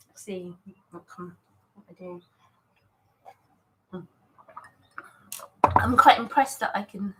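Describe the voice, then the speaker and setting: A woman's voice: medium pitch, a bit bright, a little hiss or hum, low-quality recording. Chatty woman live-streaming her painting. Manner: chatty, scattered, often laughing, greeting viewers by name. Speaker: artist hosting a live stream. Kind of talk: casual live-stream chat while setting up to paint.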